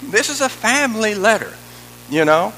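High, gravelly, lively-voiced male preacher. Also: moderate pace, slight background noise, rough recording. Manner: animated, emphatic preaching, conversational asides. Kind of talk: sermon.

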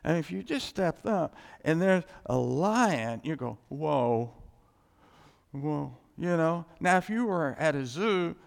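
A man's voice: fairly high pitch, sing-song, a little slow, gravelly. A man preaching a sermon as pastor, talking in a loose, conversational way, chuckling often and acting out little quoted exchanges. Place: church sanctuary. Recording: long hall reverb.

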